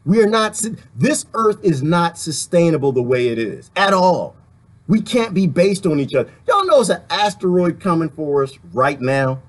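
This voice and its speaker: A man giving a rambling, animated political rant to his online viewers, talking straight to them and laughing along the way. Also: a little high, moderate pace. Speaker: vlogger.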